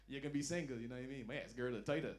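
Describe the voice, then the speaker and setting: A man performing a stand-up comedy set, telling loud, animated stories and dropping into low asides. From Barbados. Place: lounge comedy night.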